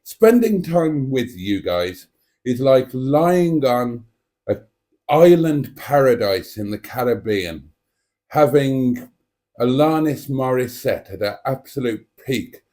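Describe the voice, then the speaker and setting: A man's voice: medium pitch, lively intonation, slow, dark tone. A man hosting a live stream, chatting casually and reading out viewer comments in a playful, cheeky, theatrical way.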